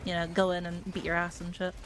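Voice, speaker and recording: A young woman VTuber chatting casually on a livestream, sounding sick and rough-voiced, laid-back and self-mocking, swearing casually. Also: on the low side, completely flat delivery, fast talker, a little hiss or hum. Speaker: VTuber streamer.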